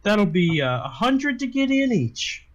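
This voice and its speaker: A man voicing a pushy woman who owns a brothel, with a shrill high voice. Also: sing-song, measured pace, muffled recording.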